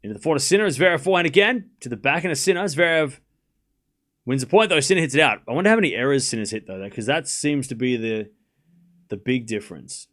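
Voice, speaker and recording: This host of a live tennis watchalong has a mid-range, slightly bright voice, animated and quick. He narrates scores and shots casually, chats with the audience, thanks those supporting him, and jokingly tells off the chat.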